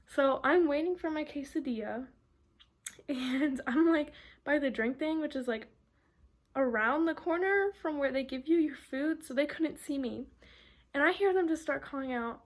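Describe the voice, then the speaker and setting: High-voiced young woman, chatty vlogger. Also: moderate pace. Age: young adult. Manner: chatty storytelling with many "like" fillers. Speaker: art student vlogger. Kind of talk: casual vlog chat.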